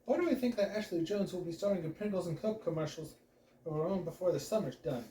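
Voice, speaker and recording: A man hosting a channel, reading a children's novel aloud in an expressive storytelling voice. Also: high-pitched, quick pace. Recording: echoey room, mic at a distance, faint background hiss.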